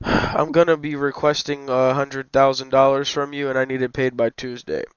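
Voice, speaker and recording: A man's voice: medium pitch, level tone, normal speed, clean tone, no room sound, lo-fi sound. A man trolling strangers on a video chat call, talking in a mocking, crude and abrasive way. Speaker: prank caller on a video chat app.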